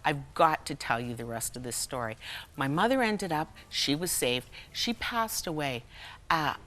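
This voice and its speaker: A woman's voice: low voice, lively intonation, unhurried, fairly bright tone. A middle-aged woman telling a personal story as a talk show guest, acting out the voices of people in it and often laughing. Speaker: guest speaker and humorist. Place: television studio.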